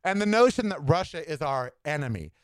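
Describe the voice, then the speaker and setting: Animated, sassy podcast host. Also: male voice, fairly high pitch, fairly quick, clean tone, dry recording. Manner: animated, sassy, campy asides. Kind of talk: solo political commentary podcast.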